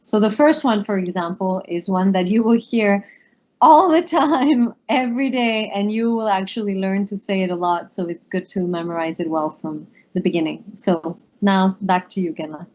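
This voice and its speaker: A woman's voice: mid-range voice, normal speed, darkish tone. A woman co-teaching a pronunciation lesson, giving fluent, encouraging explanations. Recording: dull lo-fi recording.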